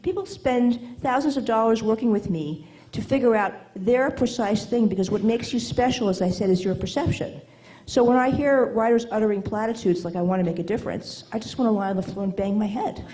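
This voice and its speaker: A woman's voice: on the high side, dark tone, slight background noise, low-quality recording. A woman writing coach giving an emphatic, teasing talk to a live audience, often checking in with "okay?". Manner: emphatic, teasing, quick asides asking "okay?". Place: event hall with an audience.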